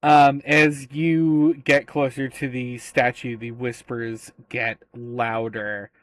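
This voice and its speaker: A man's voice: medium pitch, little pitch movement, slow pace, no echo. A man narrating a tabletop game as game master, hesitant with many filler sounds.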